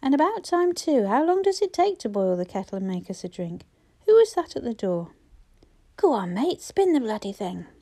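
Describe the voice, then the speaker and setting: A thick, husky mother, middle-aged and sullen, who snaps and screeches at anyone who crosses her, as a female narrator puts her on. Her voice pushes high and loud above the reader's own mellow tone. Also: big pitch swings, moderate pace. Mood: irritable. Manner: shrill, aggressive screech. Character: hostile middle-aged mother, chain-smoking, bullying.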